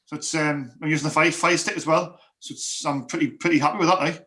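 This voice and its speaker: A man's voice: fairly high pitch, fairly even intonation, quick pace, sharp tone. A man co-hosting a casual fan football stream, rambling through match talk with many restarts. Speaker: fan co-host.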